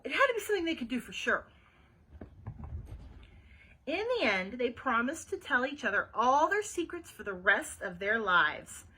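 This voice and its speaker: A woman's voice: fairly high pitch, bright, forceful tone, breathy edge, rough recording. A woman librarian reading a children's chapter book aloud, adding chatty asides for young listeners.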